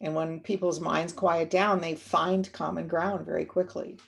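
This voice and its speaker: A woman guest speaker telling a reflective story in a webinar, gentle and unhurried, with many fillers and restarts. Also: on the low side, level tone, gravelly.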